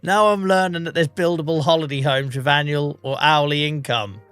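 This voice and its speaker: A man's voice: fairly high pitch, normal speed, a bit bright, clear, resonant tone, dry recording, faint music behind. An English man streaming a farming game, under the weather with a cough, chatting in a rambling, self-mocking way. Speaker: livestreamer. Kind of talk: casual gameplay commentary.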